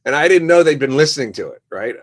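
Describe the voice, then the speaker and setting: Animated storytelling man, podcast guest. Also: a little high, quick pace. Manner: animated storyteller who acts out quoted voices. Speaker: musician guest. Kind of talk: casual podcast interview storytelling.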